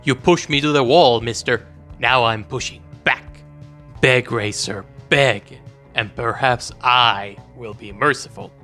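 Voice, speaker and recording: A man putting on the voice of a melodramatic male comic-book supervillain, loud and gloating. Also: mid-range voice, unhurried, faint music behind, voice pushed down. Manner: melodramatic, gloating villain delivery.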